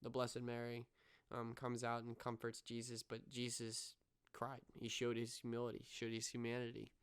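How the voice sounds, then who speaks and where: Young male podcast co-host, casual recap delivery, very smooth clean voice, mid pitch, earnest. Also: completely flat delivery, normal speed. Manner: earnest, retells scenes with many fillers. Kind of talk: casual show review.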